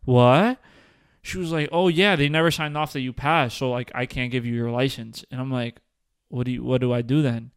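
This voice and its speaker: A young man with a smooth, clear voice, chatting on a podcast. He talks frankly and swears a lot, and he sounds exasperated as he tells his stories. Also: mid-range voice, fairly even intonation, fairly quick. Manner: frank, profane, exasperated storytelling. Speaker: podcast co-host. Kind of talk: casual chat, storytelling.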